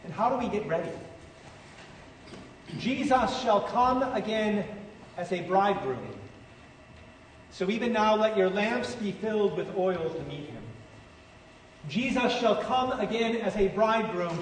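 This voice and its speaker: A high-voiced man preaches slowly and emphatically, leaning on dramatic pauses. His voice rings through a large church hall with a long, echoing reverb. He stands well back from the microphone, with faint room ambience behind him. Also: expressive, a little hiss or hum. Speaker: pastor. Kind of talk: sermon. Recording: echoey church hall, far-off mic.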